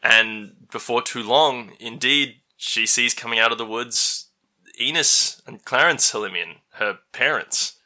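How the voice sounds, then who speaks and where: Bright-voiced man running a tabletop game. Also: medium pitch, a little slow. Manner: casual, chatty, swears freely. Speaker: game master.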